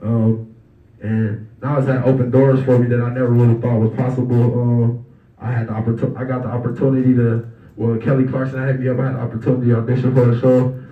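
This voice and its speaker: A young man giving a casual, storytelling speech as guest speaker at a banquet, relaxed and conversational, acting out the voices of people in his stories. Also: medium pitch, fast. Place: banquet hall. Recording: roomy, distant, dull hall recording.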